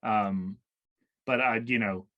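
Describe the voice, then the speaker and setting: A podcast co-host chats casually during a movie watch-along, rambling, correcting himself and trailing off. His voice sits on the low side, steady and slow, and the recording sounds muffled.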